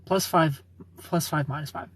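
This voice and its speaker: Husky, chatty streamer in their thirties. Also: mid-range voice, fairly even intonation, normal speed, fairly bright tone. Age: 30s. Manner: chatty, opinionated, laughs often. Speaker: livestreamer answering chat. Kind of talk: casual livestream chat.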